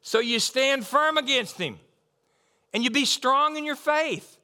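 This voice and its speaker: A man preaching a sermon in an emphatic, lively way, repeating key lines and adding asides. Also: very high voice, a little slow. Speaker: pastor.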